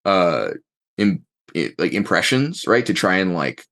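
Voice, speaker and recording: A man's voice: low-pitched, very animated, measured pace, creaky, fairly bright tone. A man narrating as game master, rambling and thinking aloud as he describes the scene.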